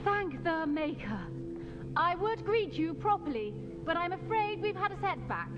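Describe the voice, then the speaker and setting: A woman's voice: extremely high pitch, expressive, a little slow. An actress voicing a composed young noblewoman held captive in a video game, speaking formally. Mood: urgent. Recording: dull game audio with loud music.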